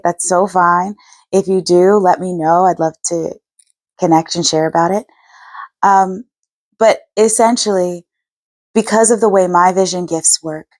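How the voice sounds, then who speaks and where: On her own channel, a woman chats earnestly about her spiritual experiences in a casual vlog, rambling and correcting herself along the way. Her voice is fairly low and a little mellow, with no echo.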